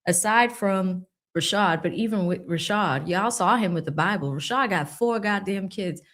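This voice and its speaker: A woman hosting a casual livestream, reading viewer comments aloud and laughing as she mocks the people she talks about with quick impressions. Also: mid-range voice, fairly bright tone. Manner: reads viewer super chats aloud, laughing and mocking. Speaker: livestream host.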